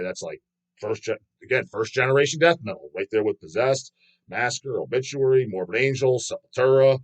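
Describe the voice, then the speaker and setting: A man's voice: mid-range voice, a bit bright. A man hosting a metal music channel in a casual rant, swearing constantly. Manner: profane, ranting, swears constantly.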